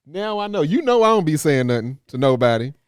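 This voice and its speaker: A man's voice: fairly high pitch, brisk, clean tone, no echo, studio quality. Rambling man telling a story. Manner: rambling, animated storyteller with many restarts. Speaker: co-host. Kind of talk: casual storytelling chat.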